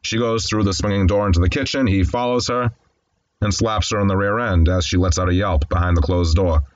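A man's voice: low voice, fairly even intonation, brisk, no echo, highs cut off. A man casually recapping a classic film, candid and conversational with wry asides. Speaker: film commentator.

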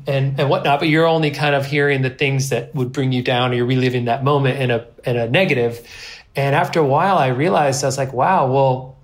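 A man in his thirties, a guest on an interview podcast, telling a personal story in a rambling, self-deprecating way with lively quoted asides. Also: fairly high pitch. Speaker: guest, pro snowboarder.

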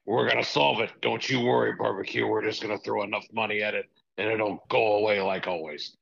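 Guy doing a sleazy old wrestling boss, gravelly and husky, brags a lot, dull lo-fi audio. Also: fairly low pitch, steady tone, a bit bright, exaggerated voice. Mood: boastful. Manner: brash, rambling with drawn-out filler sounds. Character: impression of a gruff older male wrestling boss, boastful and sleazy.

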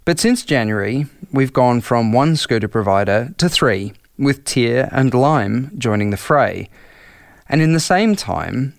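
A man hosting and narrating in a measured, reflective, scripted way. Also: medium pitch, creaky, no echo, clean studio sound. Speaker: host and narrator.

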